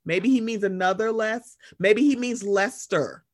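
A man hosting a casual chat, animated and sarcastic, swearing freely and slipping into mocking voices. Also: high voice, a little slow.

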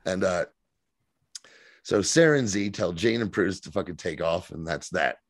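A man in his thirties co-hosting a casual podcast, recapping a TV episode in an animated, profane way and slipping into quick mock voices. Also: low voice, no room sound. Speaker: podcast co-host.

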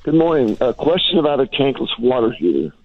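A man's voice: medium pitch, very animated, fairly quick, vocal fry, no echo. A man calling in to a radio show, asking plain, matter-of-fact questions over the phone. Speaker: caller. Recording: tinny phone line.

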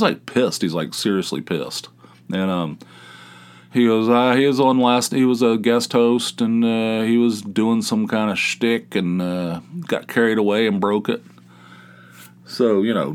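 A man's voice: fairly low pitch, moderate pace. A middle-aged man hosting a solo podcast, telling stories in a rambling, conversational way. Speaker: podcast host. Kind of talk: casual solo monologue.

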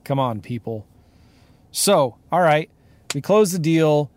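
A man who hosts a podcast and invests in real estate tells a story about a deal from inside a car. His voice is on the high side and slow, and he rants casually and emphatically, laughing along as he goes.

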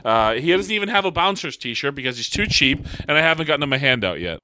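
Joking, halting podcast guest man. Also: a little high, very animated, sharp tone, dry recording. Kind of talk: casual chat.

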